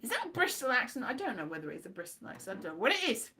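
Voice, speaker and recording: A woman's voice: on the high side, big pitch swings, racing, pushed and bright. A woman vlogging in a rambling casual monologue, playful and silly, slipping into sing-song asides.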